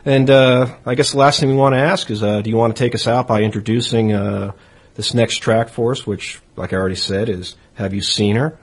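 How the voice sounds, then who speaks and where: A man co-hosting a casual radio interview, halting and repeating words as he thinks aloud. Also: medium pitch, steady tone, husky. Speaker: radio show co-host.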